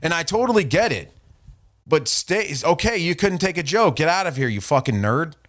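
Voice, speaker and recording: A man's voice: on the high side, very animated, moderate pace, a bit bright. Profane mocking male podcast host. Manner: profane, mocking, reading out messages. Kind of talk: casual podcast rant.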